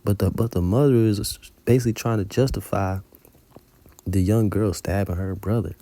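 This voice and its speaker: Man, low gravelly voice, dark tone, casual profane storytelling, religious testimony. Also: fairly even intonation, normal speed. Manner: colloquial storytelling with heavy cursing. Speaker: religious teacher recounting a dream. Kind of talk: informal spoken testimony.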